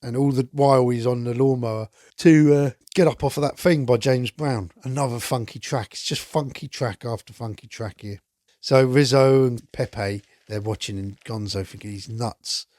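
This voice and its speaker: A man's voice: medium pitch, normal speed, mellow, no room sound, studio quality. A man hosting a podcast, chatting enthusiastically through a casual film review and swearing now and then. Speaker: podcast host.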